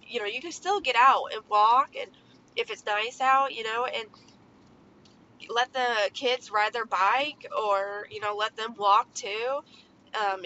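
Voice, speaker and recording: Woman in her thirties, casual parenting podcast, rambling and chatty, bright voice, slightly dull recording. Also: a little high. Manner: rambling, chatty, many fillers. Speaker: podcast host. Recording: slightly dull lo-fi sound with faint background noise.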